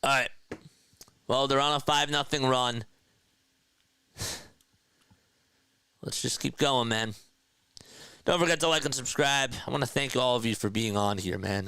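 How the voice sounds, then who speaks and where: Frustrated fan calling play-by-play. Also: male voice, medium pitch, pushed and bright, clean tone, no room sound. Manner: frustrated, exasperated partisan fan. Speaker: amateur play-by-play caller. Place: home room.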